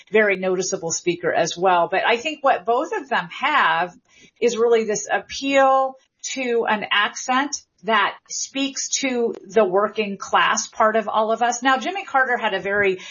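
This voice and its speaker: Middle-aged woman, linguist guest, husky and muffled, enthusiastic explainer. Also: mid-range voice, a bit bright. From American South. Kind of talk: interview answers, explanatory. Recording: dull lo-fi audio.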